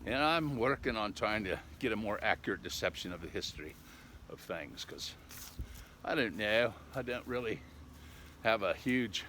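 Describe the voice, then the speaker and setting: Chatty man rambling outdoors, bright voice. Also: lowish voice, animated, moderate pace, a little hiss or hum. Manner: chatty, folksy, ends with "eh?", puts on a mock English accent. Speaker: vlogger. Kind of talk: casual rambling vlog talk. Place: outdoors on a walk.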